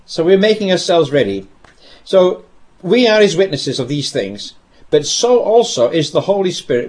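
A man preaching a sermon, telling a scripture story with dramatic pauses and repeated phrases. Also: on the high side, a little mellow.

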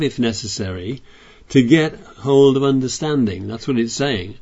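A man's voice: mid-range voice, lively intonation, moderate pace, a little mellow, muffled recording. A man preaching a sermon, reading scripture aloud and explaining it in a chatty way with frequent restarts.

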